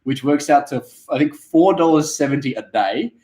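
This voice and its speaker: A young man hosting a casual livestream chat, blunt and excitable, swearing freely. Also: on the high side, normal speed. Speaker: YouTuber host. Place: living room of a house. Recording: roomy indoor echo.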